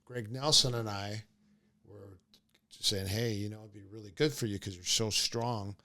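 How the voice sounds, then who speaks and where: A middle-aged man, a martial arts coach, guesting in a casual interview and telling stories in an animated way, acting out what others said. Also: on the low side, normal speed. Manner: animated, acts out quotes of others.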